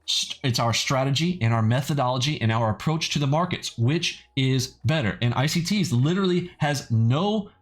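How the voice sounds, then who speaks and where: A man's voice: mid-range voice, expressive, moderate pace. A man hosting a trading channel in a casual, blunt and skeptical way, often adding "okay" as he talks. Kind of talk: casual video commentary.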